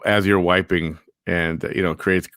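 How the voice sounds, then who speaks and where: Easygoing male host with a lowish voice. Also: flat delivery, unhurried, a bit bright, dry recording, clean studio sound. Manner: reads chat comments aloud, easygoing. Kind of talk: casual live show chat.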